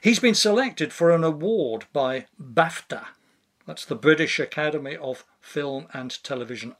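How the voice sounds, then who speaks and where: A man's voice: on the high side, a bit bright. A man reading a scripted commentary monologue in a dry, sardonic manner. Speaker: podcast commentator.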